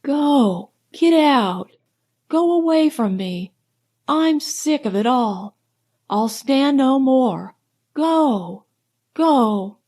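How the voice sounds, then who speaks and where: A woman's voice: high-pitched, lively intonation, very slow, a little mellow, pitched above the performer's own voice, heavily acted. A woman reading an audiobook, voicing a proud young female singer who bursts out in fury. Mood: furious. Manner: fierce outbursts.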